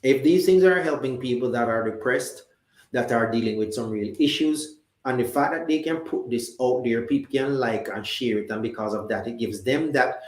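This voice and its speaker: A man's voice: medium pitch, roomy sound. A man with a Jamaican accent hosting a live talk show, chatting conversationally and reading out viewer comments. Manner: conversational, reads viewer comments, many restarts and fillers.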